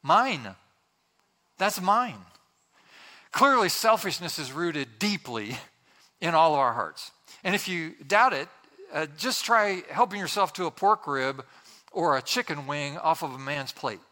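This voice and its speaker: In a church before a congregation, a male pastor gives a humorous sermon in a bright, forward voice that sits a little high, with lively intonation and a slightly slow pace. He leans into jokes and playful asides, telling everyday stories in a chatty way and briefly slipping into the voices of the people in them to act out their quotes.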